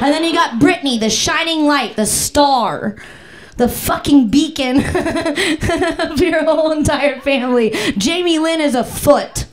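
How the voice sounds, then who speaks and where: Brash high-voiced woman doing stand-up. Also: measured pace, slight background noise. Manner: brash, silly, crude, riffs off the crowd with squeals and sound effects. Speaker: stand-up comedian. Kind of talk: improvised stand-up. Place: comedy club stage.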